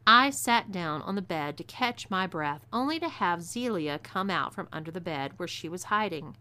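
Bright Texan woman narrating a story. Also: on the low side, lively intonation, normal speed. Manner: drawling, storytelling delivery.

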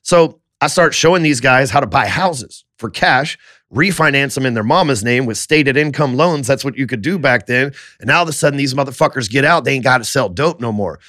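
Profane, animated male storyteller, dry sound. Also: medium pitch, fairly quick, no echo. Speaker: guest telling his life story. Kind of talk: casual podcast storytelling.

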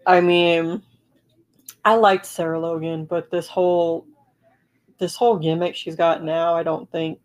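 Casting: lower-pitched woman, easygoing podcast co-host, hesitant and agreeable. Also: flat delivery, unhurried, long pauses. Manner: agreeable, hesitant, lots of yeahs. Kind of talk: casual chat.

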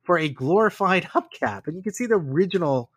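A man telling a story on a podcast with a lively, bouncy delivery and a slightly high voice. He narrates in a casual way and drops wry asides between facts. The sound is dry and close. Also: fairly quick, dry recording. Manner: animated storytelling with asides and laughs. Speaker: podcast host.

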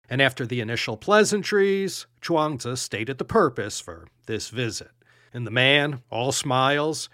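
Lively, animated male podcast storyteller. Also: mid-range voice, no echo, clean studio sound. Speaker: podcast host.

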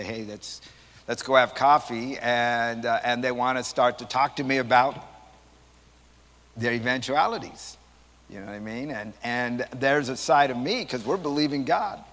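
Rambling pastor in a reverberant hall. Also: male voice, mid-range voice. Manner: rambling, repeats words, animated. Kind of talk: Sunday school teaching, conversational. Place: church hall.

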